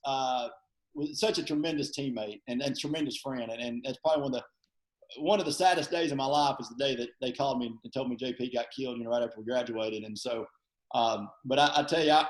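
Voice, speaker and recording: A man, a guest on a casual podcast, telling old teammate stories in an animated way and acting out quotes. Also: a little high. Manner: animated storyteller, acts out quotes. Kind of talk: casual podcast chat, storytelling. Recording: roomy, echoey audio.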